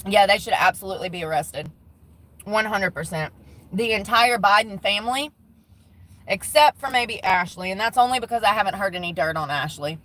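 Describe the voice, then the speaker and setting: A woman's voice: mid-range voice, moderate pace, a bit bright, rough recording. A woman vlogging from inside a car, ranting bluntly with lots of swearing. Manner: profane, blunt, exasperated ranting. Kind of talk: casual ranting vlog.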